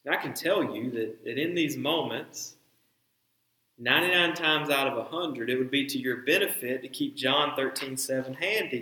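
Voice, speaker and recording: A man's voice: medium pitch, normal speed, bright, forceful tone, reverberant, poor audio. A man in his thirties preaching a sermon, who acts out the dialogue of biblical figures with dramatic emphasis. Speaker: pastor.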